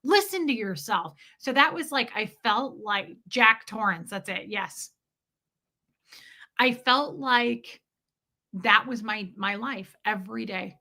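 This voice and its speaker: A woman's voice: on the high side, slow, vocal fry, bright, forceful tone. A woman hosting a livestream, telling personal stories bluntly and reading viewer comments aloud. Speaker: livestream host. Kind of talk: casual livestream storytelling.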